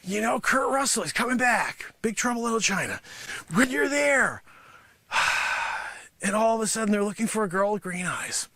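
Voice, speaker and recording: A man's voice: high-pitched, lively intonation, moderate pace, creaky, pushed and bright, dry recording, heavily acted. A man voicing a boastful, greedy male karate sensei in an improvised comic bit, scolding and bragging at his students. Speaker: livestream musician host.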